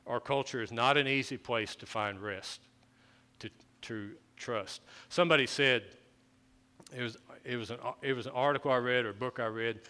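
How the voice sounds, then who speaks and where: A man's voice: mid-range voice, normal speed, bright, forceful tone, clean tone. A man preaching a conversational sermon, often restarting his phrases as he explains the scripture. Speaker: pastor.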